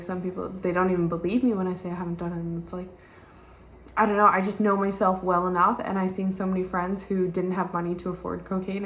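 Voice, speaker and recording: A woman's voice: mid-range voice, fairly bright tone, echoey room. A young woman with a Southern American accent, talking candidly in a rambling, frank vlog style and swearing freely. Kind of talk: candid personal vlog talk. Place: rented home room with white walls.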